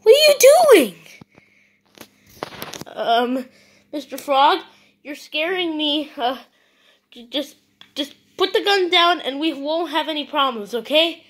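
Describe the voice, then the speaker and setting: A woman acting out a playful comedy skit, talking theatrically and swinging between chatty and panicked shouting. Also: high-pitched, animated, slow, pauses often.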